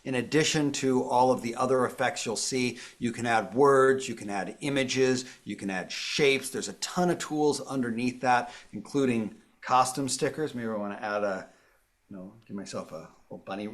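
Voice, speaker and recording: A man's voice: medium pitch, moderate pace. A man presenting a live phone tutorial, walking viewers through each step in an upbeat, explanatory way. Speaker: tech presenter.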